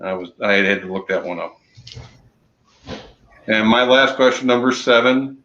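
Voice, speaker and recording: A man co-hosting a casual chat show, slowly reading out trivia answers with many ums and the odd corny joke. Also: mid-range voice, sharp tone. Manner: slow, halting, many ums and uhs; corny jokes. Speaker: podcast co-host running trivia. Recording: roomy, dull lo-fi sound.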